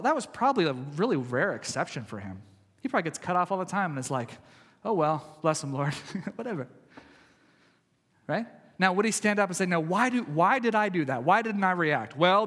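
Conversational preacher in a reverberant hall. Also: male voice, on the high side. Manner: conversational preaching, swinging from loud to hushed. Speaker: pastor. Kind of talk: sermon.

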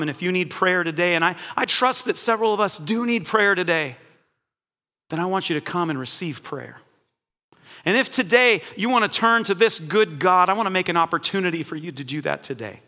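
A man preaching as a pastor in a church, lively and conversational, laughing now and then. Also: high-pitched, brisk. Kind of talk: sermon. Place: church sanctuary. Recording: long church hall reverb.

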